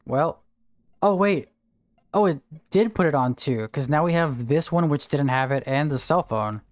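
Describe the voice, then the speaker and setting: Here a man's voice sits on the high side, animated and at a moderate pace, with no echo. He's from Texas but has no regional accent, and while streaming a game he talks casually, responds to chat, and counts out spins.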